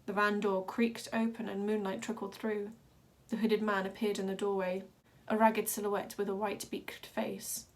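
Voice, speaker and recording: A woman reading a children's novel aloud with steady, dramatic narration. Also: medium pitch, moderate pace, few pauses. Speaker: reader. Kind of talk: storybook read-aloud.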